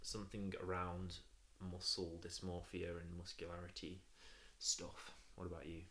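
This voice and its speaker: A young man chatting casually on a podcast, laughing often and getting loud and animated when telling a story. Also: sits low, unhurried. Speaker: podcast co-host. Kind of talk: casual chat.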